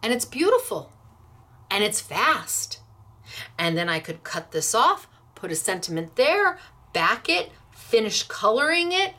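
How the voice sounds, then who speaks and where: A woman's voice: a little high, big pitch swings, unhurried, sharp tone. A woman hosting a crafting class, talking in a chatty, playful way while she demonstrates.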